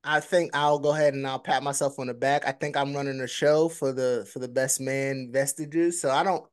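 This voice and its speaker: A man's voice: mid-range voice, smooth. A young man co-hosting a podcast, teasing and ribbing his friend in casual banter. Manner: teasing, animated, quick to rib his friend. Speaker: podcast co-host.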